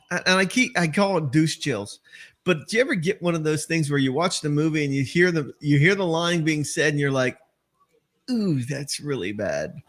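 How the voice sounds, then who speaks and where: A man hosting a casual podcast chat, telling movie-line stories with lots of swearing and laughter. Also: a little high. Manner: swearing, laughing storyteller who acts out movie lines. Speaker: podcast host.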